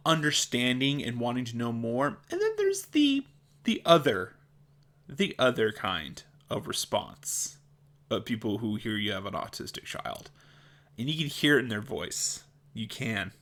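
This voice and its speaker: Young guy vlogging, slight speech impediment, slow and blunt, voice swings up and down a lot. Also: mid-range voice, big pitch swings, fairly bright tone. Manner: blunt, exasperated, laughs between points. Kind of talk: casual opinion vlog.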